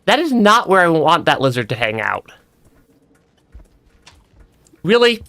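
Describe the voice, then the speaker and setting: A young man chats his way through a game with a bright, slightly high voice that bounces around a lot. He stumbles over words, restarts his sentences and laughs often. The sound is close and dry. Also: very animated, brisk, gravelly, dry recording, soft background music. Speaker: streamer. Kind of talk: casual let's-play commentary.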